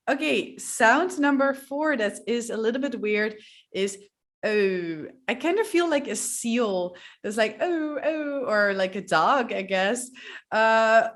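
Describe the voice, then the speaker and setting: A woman with a Dutch accent, a native Dutch speaker, teaching pronunciation in a playful, demonstrative way and repeating example words slowly. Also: mid-range voice. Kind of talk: pronunciation lesson to camera.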